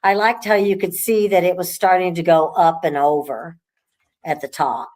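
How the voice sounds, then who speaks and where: A woman who owns a haunted house, chatting casually in a relaxed, rambling way with frequent restarts. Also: on the low side, moderate pace. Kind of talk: casual conversation.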